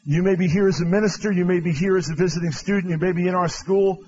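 Male revival preacher with a high voice, pleading and proclaiming in turn; dull live church recording. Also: fairly even intonation, fast talker. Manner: impassioned, swinging from loud proclaiming to hushed pleading. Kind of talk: revival altar-call sermon. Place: large church with balcony.

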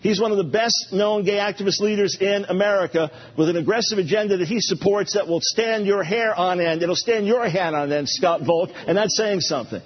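Male preacher, husky and animated, playful repetition, muffled recording. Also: high voice, a little fast, few pauses. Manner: animated, playful, repeats phrases for emphasis. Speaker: pastor. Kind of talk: sermon. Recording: dull lo-fi recording.

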